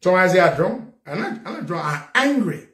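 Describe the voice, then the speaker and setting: Angry high-voiced male talk show host. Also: very animated, quick pace, reverberant. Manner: fiery, repetitive, shouting at times. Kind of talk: angry political rant.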